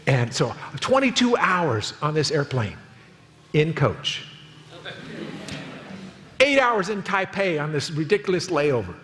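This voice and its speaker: A man in his fifties preaching a sermon as pastor, telling a story with lively acted quotes. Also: a little high, slow pace, pauses often, in a large hall, slight background noise. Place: church auditorium.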